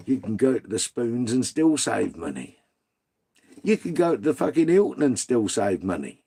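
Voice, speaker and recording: Man, British accent, gravelly dark voice, sweary and blunt, casual live-stream chat. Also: mid-range voice, big pitch swings, normal speed. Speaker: livestream host reading viewer comments.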